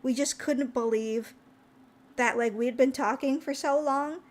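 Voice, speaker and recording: A young woman with a high voice tells a rambling story on her stream and sounds tired. She jumps up in pitch whenever she acts out what someone said. Her telling is chatty and animated. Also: unhurried. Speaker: VTuber streamer.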